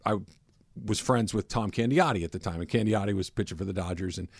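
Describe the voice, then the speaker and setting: A man hosting a sports radio show, telling animated stories in casual talk from the studio. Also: fairly low pitch, quick pace, creaky, dry recording. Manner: animated storyteller, swings up and down in loudness.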